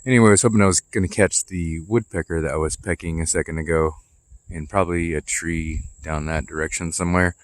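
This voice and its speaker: Low-voiced man rambling on a walk. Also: fairly even intonation, brisk, a little hiss or hum. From Texas. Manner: rambling, nostalgic and chatty with many fillers. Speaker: vlogger. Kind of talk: casual walking vlog. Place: outdoors walking through a neighborhood. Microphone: phone camera held while walking.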